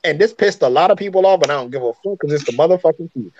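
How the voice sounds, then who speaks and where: A man's voice: on the high side, animated, racing, darkish tone. A man from Africa co-hosting a podcast, talking in blunt, profane, opinionated casual chat. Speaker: podcast co-host. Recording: muffled with faint noise.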